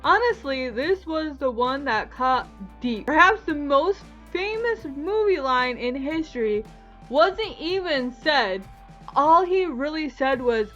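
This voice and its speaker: A young woman with a high voice talks straight to the camera, casual and animated, and keeps bursting into disbelieving, swearing outbursts. The sound is dull and lo-fi, with faint music underneath. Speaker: vlogger. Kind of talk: reacting to Mandela effects, casual vlog.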